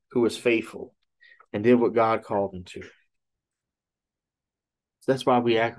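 A man's voice: mid-range voice, a little mellow. A man preaching a sermon who retells a story with frequent "he said" tags and checks in with "okay?". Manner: retells a story with many "he said" tags, then teaches from scripture. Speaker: pastor.

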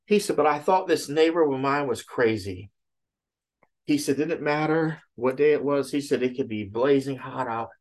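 A man's voice: medium pitch, normal speed. A man preaching a sermon who retells a story with frequent "he said" tags and checks in with "okay?". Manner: retells a story with many "he said" tags, then teaches from scripture. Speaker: pastor.

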